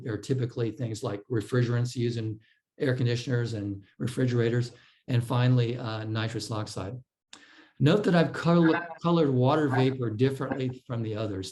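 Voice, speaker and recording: A man's voice: medium pitch, a little mellow, poor audio. Man lecturing through slides. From California. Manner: explanatory, with frequent fillers and restarts. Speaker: presenter. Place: club meeting room.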